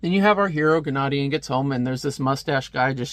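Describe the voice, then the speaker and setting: Animated, ranting man reviewing comics. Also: medium pitch, fast, hardly any pauses, no echo. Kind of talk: casual review monologue.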